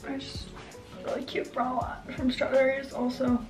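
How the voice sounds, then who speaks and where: Girl doing a haul vlog, highish voice, echoey and kinda far off, loud music playing. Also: completely flat delivery, normal speed. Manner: chatty and gushing about her buys. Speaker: vlogger. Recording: roomy and off-mic with loud music behind.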